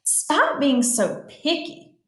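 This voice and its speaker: A woman's voice: mid-range voice, expressive, moderate pace, reverberant, natural voice. A woman voicing a grouchy, defensive little boy in a children's storybook.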